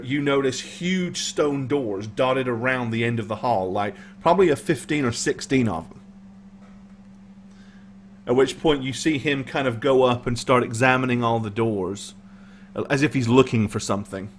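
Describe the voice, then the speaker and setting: Relaxed male game master. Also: mid-range voice, a little hiss or hum. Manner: relaxed, with frequent ums. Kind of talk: narrating a tabletop game.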